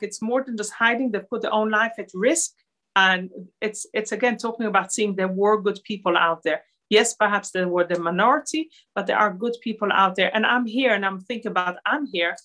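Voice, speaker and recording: A woman who grew up in Israel gives an earnest lecture over slides, pausing often and filling gaps with "um". Her voice is bright and clear, with a steady, middling pitch. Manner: earnest, with frequent fillers. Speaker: lecturer at a Holocaust centre. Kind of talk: slide-based talk.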